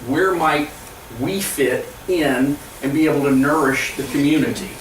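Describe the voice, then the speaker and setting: A man speaking as a pastor, giving an earnest storytelling presentation to church leaders, with halting restarts. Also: on the high side, slight background noise. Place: church hall. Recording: echoey room, from far off.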